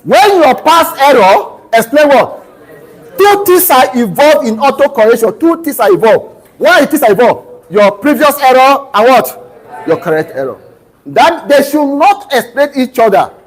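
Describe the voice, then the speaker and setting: Nigerian guy lecturing a class, really high voice, keeps going "what?" for students to finish his sentences. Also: very animated, normal speed, rough recording. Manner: drills students with fill-in-the-blank questions ending in "what?"; teaches through homely family anecdotes. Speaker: university lecturer. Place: lecture room.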